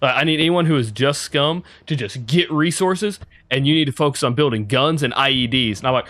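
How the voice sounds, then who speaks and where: A young adult man streaming, telling a story in casual chat with lots of swearing and frequent laughter. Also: moderate pace. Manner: animated, swearing, laughing often, breaking into high laughs.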